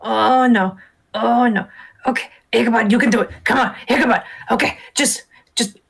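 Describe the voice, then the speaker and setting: A woman's voice: on the high side, normal speed, vocal fry, breathy edge. A woman playing a tabletop game, flustered and giggly, narrating her character's moves. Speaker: player.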